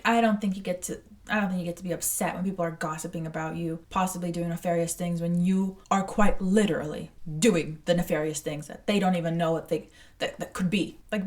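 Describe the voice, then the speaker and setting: A woman in her twenties talks through a film reaction in a casual, animated way, blunt and swearing freely. Her voice sits at an ordinary pitch. She sounds a little distant from the microphone. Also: brisk. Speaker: movie reaction creator. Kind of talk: casual movie reaction commentary.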